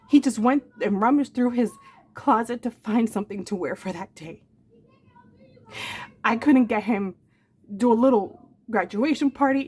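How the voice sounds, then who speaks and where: A woman's voice: a little high, moderate pace, darkish tone, husky. Earnest woman vlogger pouring her heart out. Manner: earnest and emotional, addressing viewers as "my darlings"; repeats phrases for emphasis. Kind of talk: heartfelt confessional vlog talk.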